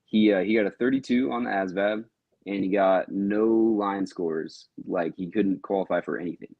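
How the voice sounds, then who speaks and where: Male recruiter co-host, very deep voice, easygoing and halting, close muffled mic. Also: vocal fry, no room sound. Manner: relaxed, hesitant, many fillers. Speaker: podcast co-host, Marine recruiter. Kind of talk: casual chat.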